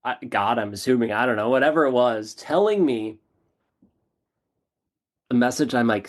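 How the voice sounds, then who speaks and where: Animated man telling a story. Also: medium pitch, normal speed, long pauses. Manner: animated, repetitive, self-deprecating storytelling. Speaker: podcast guest, entrepreneur. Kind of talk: casual storytelling interview.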